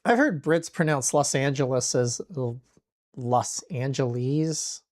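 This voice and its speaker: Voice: mid-range voice, sing-song, moderate pace. A vtuber streamer chatting casually while reacting to clips, adding asides.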